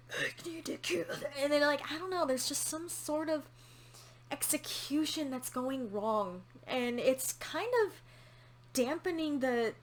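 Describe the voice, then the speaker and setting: A woman hosting a casual TV episode reaction, candid and opinionated, swearing casually as she talks. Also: sits high. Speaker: reaction channel host.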